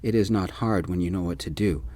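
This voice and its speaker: Brief: a man playing a calm, precise German computer-whiz student, deep and low, soft-spoken ASMR storytelling. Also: a little fast, close to an everyday voice.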